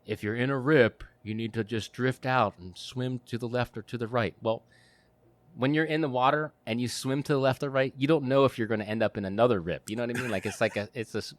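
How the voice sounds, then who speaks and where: A man guest on a podcast, telling a story in a casual, animated way with lots of fillers and frequent laughter. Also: on the low side, no room sound.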